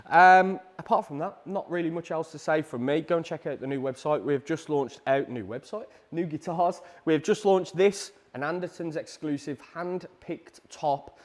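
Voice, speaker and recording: A British man hosting a live prize draw stream, chatty and energetic, with a salesy push and frequent ums. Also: on the high side, moderate pace, few pauses. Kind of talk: upbeat live-stream announcements.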